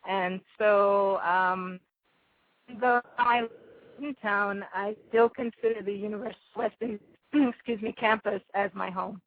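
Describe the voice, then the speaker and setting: A woman's voice: mid-range voice, steady tone, a little slow, dry recording. Jamaican woman speaking over a phone line. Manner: thoughtful, with many ums and restarts. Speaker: guest filmmaker. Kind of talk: radio interview. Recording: tinny phone line, dry.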